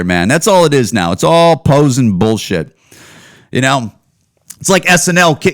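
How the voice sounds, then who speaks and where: A man's voice: mid-range voice, fairly bright tone, dry recording, clean studio sound. A man hosting a podcast from home, ranting solo in a loose, profane, run-on way. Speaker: podcast host. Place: at home, indoors.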